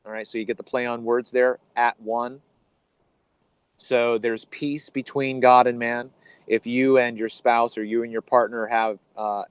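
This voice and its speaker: Man, casual talk, eager explainer, halting with ums, dry sound. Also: mid-range voice, smooth, dry recording, poor audio. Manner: hesitant, many ums and restarts, eager teacherly tone. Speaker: podcast co-host.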